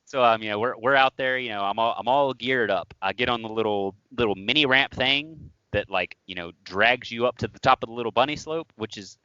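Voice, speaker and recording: Male podcast co-host, animated storyteller, bright tone, dry close mic. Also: medium pitch, a little fast, few pauses, clean tone, dry recording, highs cut off. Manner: animated, laughing, acts out quotes. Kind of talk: casual storytelling chat.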